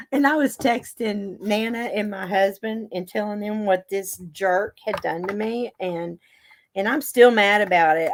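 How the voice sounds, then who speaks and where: A woman, chatting and telling a story to her viewers as a show host. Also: medium pitch. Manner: chatty storytelling, reading viewer comments aloud. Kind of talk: casual chat to a live audience.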